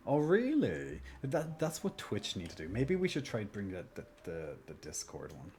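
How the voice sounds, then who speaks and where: A man's voice: lowish voice, huge pitch swings, moderate pace, a crowd in the background. A male streamer chatting casually while gaming, rambling and self-mocking, on a desk mic beside a clicky mouse. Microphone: desk mic near a clicky mouse.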